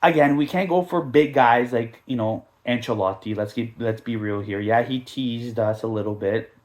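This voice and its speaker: A man hosts a casual soccer podcast and rants in an animated, mocking way. He rambles through asides and slips into mimicked quotes, his voice sitting at an ordinary middle pitch. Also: moderate pace. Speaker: podcast host.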